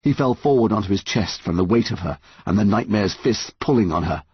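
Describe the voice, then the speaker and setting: Husky male audiobook narrator. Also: on the low side, expressive, fairly quick, no room sound, lo-fi sound. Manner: dramatic, tense reading. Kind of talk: scripted narration.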